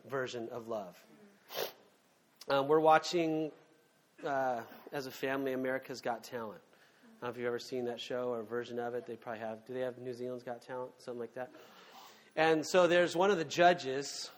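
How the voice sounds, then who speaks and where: A man preaching a sermon in a relaxed, conversational way, full of fillers and asides. He leans into key words with emphasis, and his voice sits on the higher side. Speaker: pastor.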